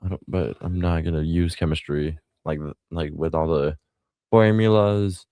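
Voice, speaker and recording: Laid-back male sidekick, low and mellow, dry close sound, halting delivery. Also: steady tone, no room sound. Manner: hesitant, mumbling, short replies. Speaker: co-host. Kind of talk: casual radio talk.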